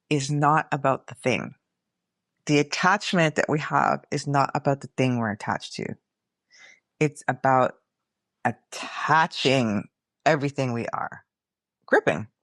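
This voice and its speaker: Her voice is very deep, and the studio sound is clean without echo. This middle-aged woman hosts her own podcast, offering a casual, candid, reflective monologue, cursing freely and calling listeners y'all.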